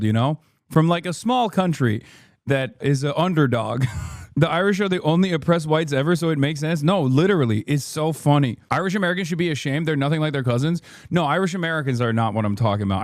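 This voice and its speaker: A man's voice: on the high side, dry recording, clean studio sound. A man in his thirties hosting a stream, giving casual reaction commentary as a profane, joking rant. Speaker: streamer host.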